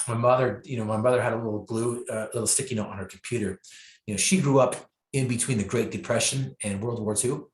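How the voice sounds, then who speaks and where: A man's mid-range voice races along at a fast clip with fairly even intonation. He's a motivational speaker telling his story with emphasis and deliberate repetition of key phrases, and the room has an echo.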